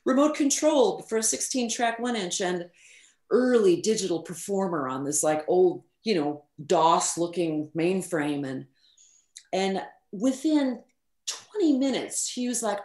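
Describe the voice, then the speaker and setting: In this relaxed interview, a middle-aged recording engineer tells her stories openly and animatedly, dropping casual swear words and many fillers along the way. She speaks unhurriedly in a mid-range voice, and the recording has a roomy echo.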